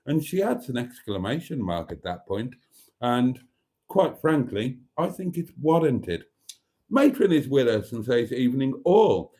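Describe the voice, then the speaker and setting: A man hosts a casual livestream in a warm, mellow voice. He chats easily and affectionately, reading viewer comments aloud as he goes. His pitch sits in a comfortable middle range for a man. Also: sing-song, measured pace. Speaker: livestream host.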